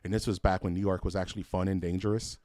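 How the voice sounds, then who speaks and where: A man's voice: deep voice, racing, no room sound. A man co-hosting a casual podcast, telling loose, profane stories and acting out other people's voices along the way. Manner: animated storyteller who acts out voices, swears freely. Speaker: podcast co-host. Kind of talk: casual chat, storytelling.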